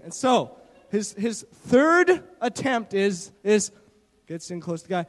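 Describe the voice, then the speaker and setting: A high-pitched man from Canada telling a story at a church gathering, animated and full of "uh" and "kinda" as he restarts his sentences. His handheld mic rings through a hall with a long, trailing reverb. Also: moderate pace. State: shaky from not eating. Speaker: church youth leader sharing a mission trip story. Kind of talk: church testimony talk. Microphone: handheld microphone.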